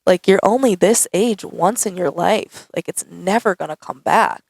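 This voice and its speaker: A woman's voice: on the low side, moderate pace, gravelly, no room sound, low-quality recording. A young woman answering viewer questions in a casual, chatty vlog, saying "like" a lot. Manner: chatty, says "like" often, animated. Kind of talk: casual Q&A chat. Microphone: camera mic.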